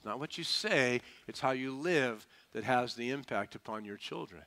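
Brief: male pastor, bright and forceful voice, folksy, emphatic sermon delivery. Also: mid-range voice, normal speed. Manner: emphatic, calls for audience responses; folksy and humorous.

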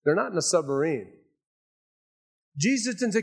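Older male pastor, animated sermon. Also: sits high, normal speed, gravelly, pauses often, breathy edge. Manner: animated preaching, swings from raised emphasis to hushed asides.

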